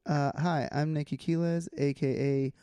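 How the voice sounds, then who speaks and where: Dude co-hosting a podcast, slightly high voice, laughs a lot, dry sound. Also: male voice, steady tone, normal speed, dark tone, clean tone, no echo. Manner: laughing, playful banter. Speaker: podcast co-host. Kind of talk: casual chat.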